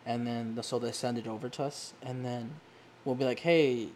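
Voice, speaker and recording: Young woman guest, casual profane storyteller, animated quotes. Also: very deep voice, brisk, a little hiss or hum. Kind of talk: casual chat.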